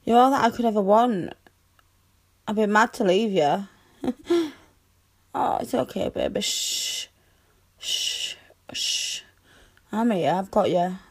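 A young woman in a girlfriend comfort audio role-play, speaking in a soothing, tender, reassuring way with soft hushing. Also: medium pitch, lively intonation, unhurried, pauses often, husky.

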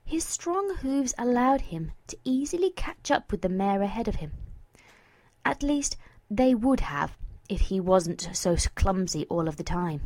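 A woman reading a story aloud as narrator, slow and expressive, at times dropping to a whisper. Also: medium pitch, dry recording.

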